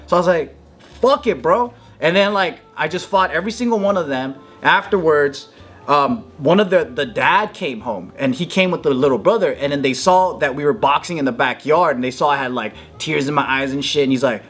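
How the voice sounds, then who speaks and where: A man telling a story in casual chat, animated, swearing freely and acting out quotes in a raised voice. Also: fairly quick, faint music behind. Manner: animated, swears a lot, acts out quotes in a higher voice. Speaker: podcast guest.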